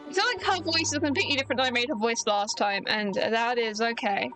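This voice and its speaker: A woman's voice: a little high, quick pace, few pauses, over music, rough recording. A woman game streamer at home, chatty with self-deprecating asides, currently ill. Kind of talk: casual let's-play commentary.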